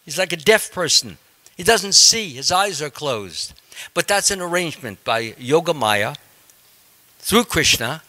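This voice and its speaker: A male monk retells a scripture story in a class, stopping and restarting often. His voice is bright and forceful and sits slightly high, and his pitch rises and falls in an animated way. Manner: halting, with frequent ums and restarts.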